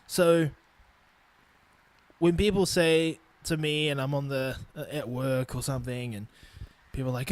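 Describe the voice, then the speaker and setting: A man's voice: mid-range voice, steady tone, normal speed, pauses often, no echo. A man in his twenties with a New Zealand accent, hosting a solo podcast and ranting bluntly with lots of swearing. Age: 20s. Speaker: podcast host. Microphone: studio microphone.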